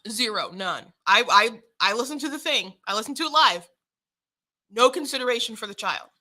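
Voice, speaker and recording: A young woman with a bright, slightly high voice hosts a political commentary show. She talks frankly and quickly, often restarting her sentences and breaking into short laughs. Her tone stays casual and conversational. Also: lively intonation.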